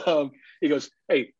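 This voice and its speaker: A husky-voiced man co-hosts a podcast, spinning stories in a casual way and putting on the voices of the people in them. He laughs easily and swears freely. The sound is dry and a bit dull. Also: mid-range voice, dry recording. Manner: animated, acts out other people's lines, laughs often, swears casually. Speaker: podcast co-host. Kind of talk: casual storytelling chat.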